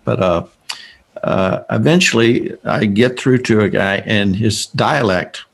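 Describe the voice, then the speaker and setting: Man, Christian speaker, earnest storyteller. Lowish, gravelly voice with a husky edge. Rambles and restarts as he talks. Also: slow pace. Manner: earnest, rambling, self-correcting with many restarts. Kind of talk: storytelling talk to a group.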